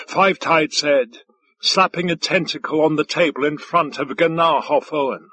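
Slow, bright-voiced male narrator. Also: fairly high pitch, steady tone, dry recording. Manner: measured, deliberate. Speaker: audiobook narrator. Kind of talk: scripted narration.

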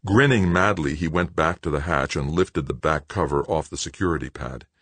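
A man with a very deep, husky voice reads an audiobook in a steady, measured way. The recording is close and completely dry, with no room sound. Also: dry recording. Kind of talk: audiobook narration.

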